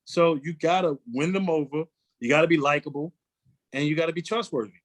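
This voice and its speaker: A man in his forties, a comedian telling animated stories in a casual interview and slipping into quoted voices. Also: on the high side, brisk. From New York. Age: 40s. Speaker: guest comedian.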